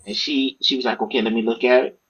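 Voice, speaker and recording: A man, an author and podcast guest, telling stories in a casual, profane, animated way and acting out what others said. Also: mid-range voice, fast, slightly rough, low-quality recording. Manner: animated, profane, acts out quoted speech. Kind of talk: casual storytelling interview.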